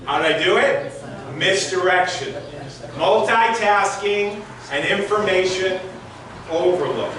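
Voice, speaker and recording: A man in his sixties tells stories to a hall audience, conversational and direct, with a fairly high voice for a man. The sound echoes heavily around a large room and is picked up from far off the mic, with faint background noise. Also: animated, takes it slowly, a crowd in the background. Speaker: motivational speaker. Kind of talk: storytelling talk on stage.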